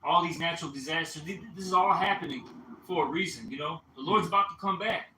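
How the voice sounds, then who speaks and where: Man, high-ish and very bright voice, animated, swearing, rambling, roomy echo, faint hiss. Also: fast. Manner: animated, swearing, many fillers and restarts. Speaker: group discussion member. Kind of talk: casual group chat. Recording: echoey room, far from mic, faint hiss.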